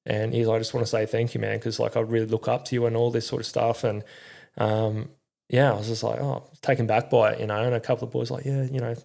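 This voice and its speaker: A man's voice: medium pitch, flat delivery, quick pace, creaky, a little mellow. A middle-aged Australian man telling his story in a candid, rambling way, swearing often and using slang. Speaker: podcast guest, former army crew commander.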